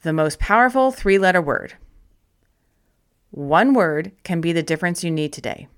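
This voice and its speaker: A woman with a slightly low voice narrates a motivational self-help book. Her reading is gentle and encouraging. She slows down to stress key phrases with deliberate care. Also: expressive, smooth. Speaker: audiobook narrator.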